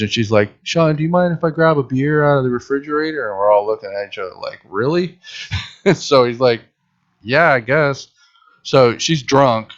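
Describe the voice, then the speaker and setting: A man telling a story in a casual podcast chat, acting out what people said. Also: lowish voice. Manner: animated storyteller acting out quotes. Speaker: podcast host. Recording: dull lo-fi sound.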